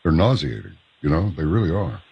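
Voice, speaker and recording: Super deep gravelly-rough host guy, slow and emphatic. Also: very animated, muffled recording. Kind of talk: interview talk.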